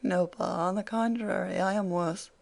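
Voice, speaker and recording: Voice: mid-range voice, steady tone, moderate pace, vocal fry, darkish tone, close to an everyday voice. An audiobook reader voicing a spirited, teasing young woman who scolds her father playfully.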